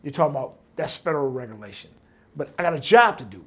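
Middle-aged guy, interview guest, animated raconteur acting out the dialogue. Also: medium pitch, fast. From Detroit, US. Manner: animated, acts out quoted dialogue. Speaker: interview guest, former bodyguard. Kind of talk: casual storytelling interview.

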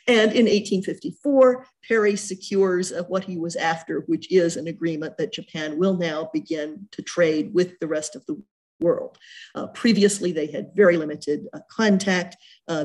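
A woman's voice: lowish voice, darkish tone. A middle-aged woman giving an art history lecture as a museum curator, chatty and full of ums and self-corrections.

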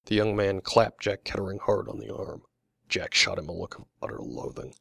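A man narrating his own mystery novel as an audiobook, in a steady, plain storytelling manner. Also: on the low side, normal speed, vocal fry, breathy edge, no echo, studio quality.

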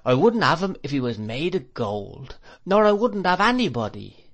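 A male audiobook reader voicing a loud, blunt middle-aged woman servant who talks in an emphatic, scolding way. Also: on the high side, sing-song, normal speed, pitched above the performer's own voice, exaggerated voice. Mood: indignant. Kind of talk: audiobook character reading.

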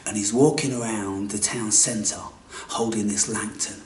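A man delivering a theatrical spiritual monologue, swinging from hushed whispers to loud outbursts. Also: on the low side, fairly even intonation, measured pace, a little hiss or hum. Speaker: spiritual video maker. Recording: echoey room, distant mic.

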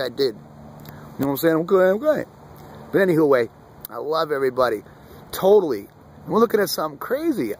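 A man filming the sky outdoors on his phone, rambling excitedly in a loose, off-the-cuff vlog and calling himself by his channel nickname. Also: a little high, creaky. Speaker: vlogger. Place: outdoors under an open sky. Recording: wind noise on the mic.

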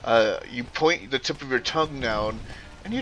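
A man's voice: mid-range voice, expressive, moderate pace, fairly bright tone, slight background noise. A man streaming while gaming, rambling in casual chat with lots of fillers and casual swearing.

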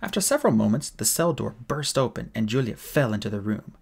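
A man reading a novel aloud as an audiobook, with steady, plain storytelling. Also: mid-range voice, fairly quick, vocal fry, breathy edge. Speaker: audiobook reader.

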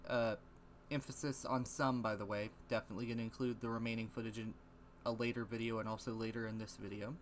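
A man's voice: on the low side, flat delivery, fast talker, slight background noise. A man giving a casual voice-over intro to his gaming video, chatty and offhand, tossing in asides. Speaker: video creator.

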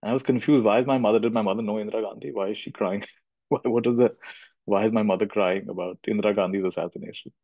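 Low-voiced man giving a gentle spiritual talk. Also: fairly even intonation, racing, creaky, no echo. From India. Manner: thoughtful, gentle, repeats phrases for emphasis. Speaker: spiritual teacher. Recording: dull lo-fi recording.

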